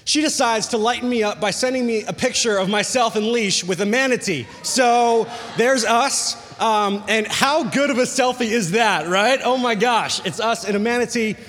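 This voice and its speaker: A male pastor preaching a sermon, telling a personal story with animated jokey asides and bursts of excitement. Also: sits high, normal speed, few pauses. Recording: long hall reverb.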